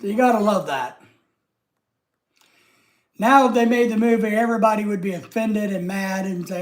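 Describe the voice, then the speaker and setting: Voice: medium pitch, moderate pace, long pauses. Chatty live-stream host, rambling and off the cuff. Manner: rambling, chatty, trailing off quietly. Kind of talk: casual live-stream chat.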